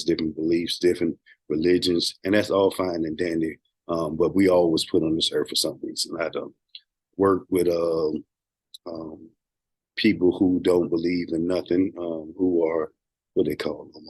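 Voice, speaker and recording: A man hosting a podcast, talking casually and hesitantly with many pauses. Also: low voice, husky, no room sound. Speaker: podcast host. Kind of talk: casual talk.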